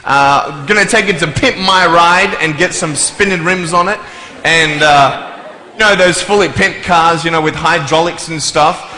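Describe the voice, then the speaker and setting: A man gives a joking motivational talk to a live crowd in a big hall, his voice bright and a little high. He plays out little voices and sound effects as he goes. The room rings with a long echo and a faint hum of ambience. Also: a little slow. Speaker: motivational speaker. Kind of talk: humorous live talk to an audience. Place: large hall before a live audience.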